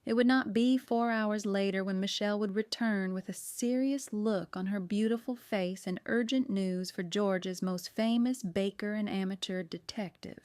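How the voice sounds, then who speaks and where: A woman reading a cozy mystery audiobook aloud, telling it in a lively way. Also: medium pitch, moderate pace, few pauses, clean tone, no room sound, clean studio sound. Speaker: audiobook narrator. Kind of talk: scripted narration.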